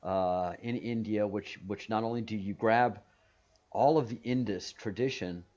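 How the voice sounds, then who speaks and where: A man's voice: on the low side, a little slow, darkish tone. A man hosting a casual video call stream, rambling with many restarts and repeated words. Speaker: stream host. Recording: muffled video call audio.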